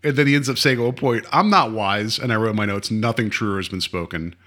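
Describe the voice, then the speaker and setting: Guy on a podcast going over an episode, bright forceful voice, keeps doing goofy quotes. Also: fairly low pitch, fast talker. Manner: animated, mocking, quotes characters in a goofy voice. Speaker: podcast co-host. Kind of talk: casual chat recapping an episode.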